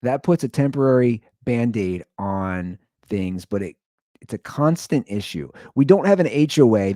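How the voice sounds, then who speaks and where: A man hosting his own podcast, telling stories in an animated, profane rant that swings between loud outbursts and low asides. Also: dry recording, clean studio sound. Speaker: podcast host. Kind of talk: ranting comedic storytelling.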